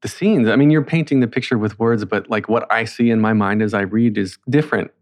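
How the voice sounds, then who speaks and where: Low-voiced male interviewer, relaxed. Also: a little fast. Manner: relaxed, conversational, thoughtful. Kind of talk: interview conversation.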